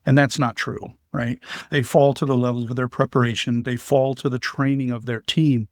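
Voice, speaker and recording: A man at an ordinary mid pitch answers interview questions steadily, building his points through vivid everyday analogies. The sound is close and dry, with no room echo. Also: little pitch movement. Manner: measured, explanatory, uses vivid analogies. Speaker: guest, business leader and veteran.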